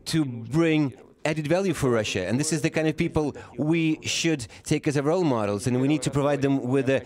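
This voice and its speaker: A man giving a live interpretation of a formal speech, halting and often pausing to correct himself. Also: a little high, a little mellow. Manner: halting, with frequent pauses and self-corrections. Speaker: simultaneous interpreter.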